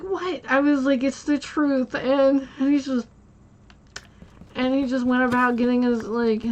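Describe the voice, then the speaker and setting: A woman's voice: a little high, slight background noise, poor audio. A woman live streamer chatting casually while she plays, rambling through stories with restarts and giggles.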